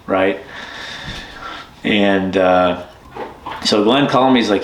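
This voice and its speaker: Here a bush pilot relates an anecdote in a laid-back chat, bringing the quotes to life with a vivid retelling. His pitch is fairly low and his pace moderate, and the recording has a roomy echo.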